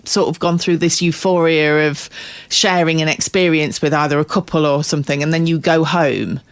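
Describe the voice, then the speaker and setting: A woman's voice: low voice, fairly even intonation, moderate pace, clear, resonant tone. Lady co-host on a chatty podcast, asks the guest long questions. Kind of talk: casual podcast chat.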